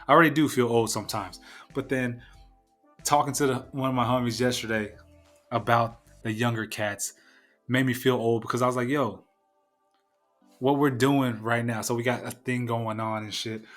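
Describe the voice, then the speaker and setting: A man's voice: medium pitch, steady tone, normal speed, fairly bright tone, faint music behind. A young man hosting his own podcast, talking in a blunt, profane, fired-up rant. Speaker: podcast host. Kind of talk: casual solo podcast rant.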